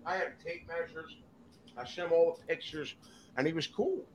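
A man telling a wild story as a podcast guest in a studio, profane and animated, acting out every voice. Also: a little high, normal speed, a little hiss or hum. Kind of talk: casual storytelling.

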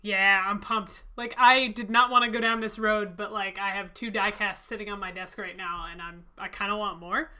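A woman's voice: medium pitch, steady tone, normal speed, hardly any pauses, bright, forceful tone, clear, resonant tone. A woman co-hosting a podcast in casual chat, enthusiastic and joking. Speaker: podcast co-host.

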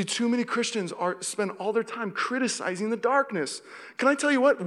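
A man's voice: very high voice, moderate pace, fairly bright tone. A young man from the Seattle area preaching a sermon as pastor, telling a story vividly and acting out his own panic. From Seattle area, USA. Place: church hall. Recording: long reverb of a church hall.

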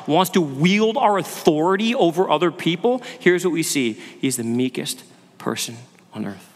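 Man preaching in a church, earnest, keeps asking the room questions, long echo around him. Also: fairly high pitch. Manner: earnest preaching with rhetorical questions and repeated words. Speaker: pastor. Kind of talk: sermon. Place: church sanctuary. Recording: long hall reverb.

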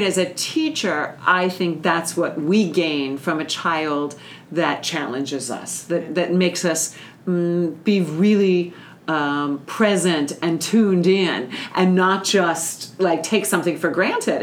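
A woman's voice: lowish voice, slow, a little hiss or hum. A woman who works as a teacher, hosting a casual chat and responding in a supportive, reflective way. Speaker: host, teacher.

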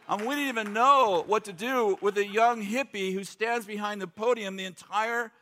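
A man's voice: high voice, a little slow, bright, forceful tone. A middle-aged man preaching a sermon in a loose, joking, conversational way, acting out quotes. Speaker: pastor.

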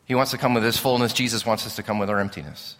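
A man's voice: on the low side, fairly even intonation, rapid-fire, fairly bright tone, in a large hall. A male pastor preaching a sermon in an earnest, pleading, emphatic way, with rhetorical questions.

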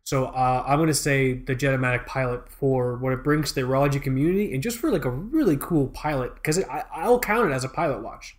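A man co-hosting a podcast, talking in a loose and rambling way. He gets excited and swears freely, and his voice sits at a middling pitch for a man. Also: brisk, hardly any pauses. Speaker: podcast co-host. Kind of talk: casual chat.

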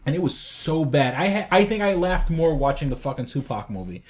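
A man's voice: on the high side, very animated, brisk. A man co-hosting a casual movie podcast, rambling and swearing, full of fillers and restarts. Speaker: podcast co-host. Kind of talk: casual chat about movies.

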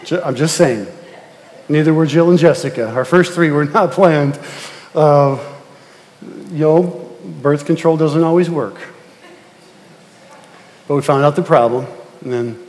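A man's voice: a little high, a little slow, pauses often, darkish tone, a little hiss or hum. A middle-aged man preaching a sermon as pastor, telling family stories and repeating words as he builds to emphatic exhortation. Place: church sanctuary. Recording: long reverb of a church hall.

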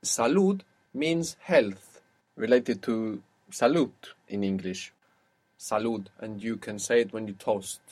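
A man's voice: lowish voice, takes it slowly, darkish tone, breathy edge. A man teaching a language lesson, patiently asking questions and explaining rules step by step.

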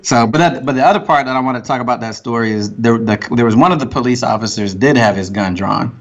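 A man's voice: mid-range voice, dull audio. Man telling stories at an easy pace. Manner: unhurried storyteller, profane. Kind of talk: casual storytelling chat.

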